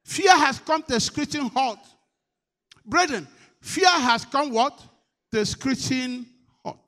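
Preaching to his church at an unhurried pace, an animated man shifts from shouted declarations to low, coaxing call-and-response, drawing answers from the congregation.

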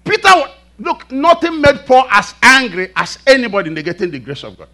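Animated high-voiced male preacher. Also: brisk. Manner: animated, calls to the congregation, rhetorical questions. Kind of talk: sermon.

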